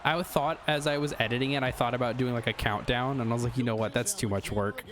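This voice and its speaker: A young man chatting casually while playing a basketball video game, talking in a relaxed, low-effort way and laughing often. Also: quick pace, a crowd in the background. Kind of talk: casual chat while gaming.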